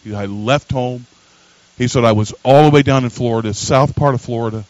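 A man's voice: medium pitch, fairly quick, no room sound, muffled recording. Man preaching a sermon. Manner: storytelling, rising to loud emphatic preaching. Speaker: pastor.

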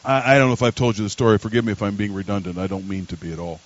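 A pastor, telling a story in a sermon and building to loud emphatic preaching. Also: male voice, lowish voice, fairly even intonation, very fast, muffled recording.

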